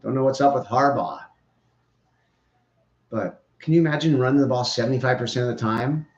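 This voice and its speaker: A man's voice: medium pitch, a little fast. Rambling man in a roomy room. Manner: opinionated, rambling, joking. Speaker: podcast host. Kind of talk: casual sports commentary. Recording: roomy, dull lo-fi sound.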